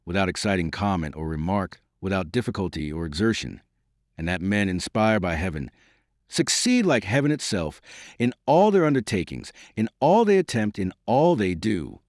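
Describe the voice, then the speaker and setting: A man putting on a cold, calm schemer. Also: low-pitched, moderate pace, no echo, studio quality. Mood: coldly assured. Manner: cool, tranquil, quietly disdainful. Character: cold scheming male conspirator, calm and disdainful.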